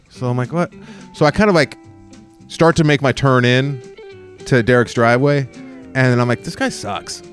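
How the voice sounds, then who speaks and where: A man from the Los Angeles area, hosting a podcast and telling a story in casual chat, full of fillers like "like" and "uh". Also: medium pitch. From Los Angeles area, California. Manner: animated storyteller with many fillers. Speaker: podcast host.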